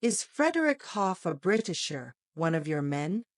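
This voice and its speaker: A woman's voice: on the low side, sing-song, measured pace, dry recording, studio quality. A woman reading the part of a triumphant American male police chief who speaks emphatically. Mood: emphatic. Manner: emphatic, forceful.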